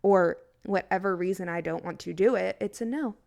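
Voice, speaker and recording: A woman's voice: fairly low pitch, normal speed, creaky, darkish tone. A woman chatting as a podcast guest, telling her story by acting out things she and her friend said. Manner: chatty, acts out her own past remarks in quotes. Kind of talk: casual chat.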